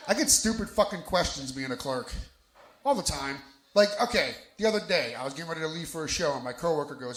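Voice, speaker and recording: Jersey guy doing standup at a bar, kinda high voice, loud and crude, echoey room w crowd noise. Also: expressive, quick pace. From New Jersey. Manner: brash, profane, punchy crowd work. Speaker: stand-up comedian. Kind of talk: live stand-up set. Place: bar lounge stage in front of a live crowd.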